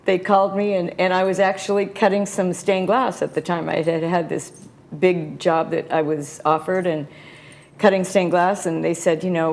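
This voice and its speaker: A woman telling a lively story in casual chat, acting out what people said with bursts of laughter. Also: on the low side, moderate pace, vocal fry. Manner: animated, acts out quotes with laughs.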